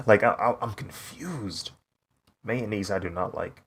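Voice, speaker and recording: A young man from the US chatting casually while drawing on a live stream, laid-back and quick to laugh. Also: deep voice, breathy edge. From United States. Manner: laid-back, laughs often, says "bro". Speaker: streaming artist.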